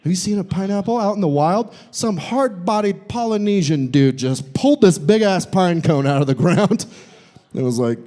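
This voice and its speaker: Young guy doing standup at a brewery, voice bouncing all over, kinda high pitched. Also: normal speed. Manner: animated, swings into high squeaky voices for bits. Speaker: stand-up comedian. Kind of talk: live stand-up set. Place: brewery comedy show.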